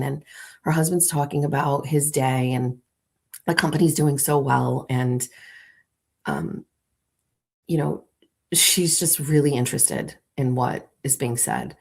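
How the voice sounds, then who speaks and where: A woman's voice: low voice, expressive, a little slow, a little mellow. A woman hosting a morning show, playfully walking her audience through an imagined scene in a theatrical storytelling manner. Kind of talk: comic storytelling to a live audience.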